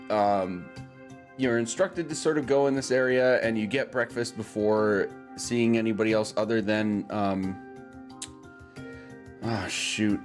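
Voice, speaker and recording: A man runs a tabletop game as game master, his narration loose and rambling, full of ums and giggles. A faint musical track plays under his voice. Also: lowish voice.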